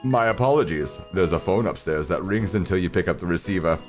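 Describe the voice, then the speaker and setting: A man's voice: low-pitched, expressive, fairly quick, voice pushed down. A man voicing a polite, rich male mansion owner in a video game, speaking formally and courteously, over game music.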